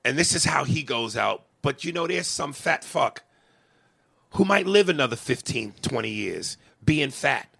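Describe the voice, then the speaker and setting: Man, podcast co-host, passionate profane rant, stammering restarts, gravelly. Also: mid-range voice, lively intonation, unhurried, bright, forceful tone.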